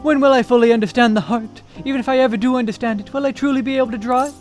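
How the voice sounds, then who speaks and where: A dreamy, self-important young painter who speaks in lofty, ornate sentences, voiced by a man reading game lines aloud. His voice sits very high, with faint music underneath. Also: fairly even intonation, rapid-fire, a little mellow. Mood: pensive. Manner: theatrical, flowery formal speech. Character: pompous young male artist, grandiose and dreamy.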